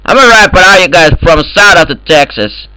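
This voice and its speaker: A man holds the floor in a game's voice chat, swearing freely and trolling the other players. His broken English comes out in a raised, bright voice that cuts through sharply. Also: sits high, lively intonation, a little fast, smooth, no echo, rough recording. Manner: loud, profane, in broken English. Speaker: gamer in voice chat.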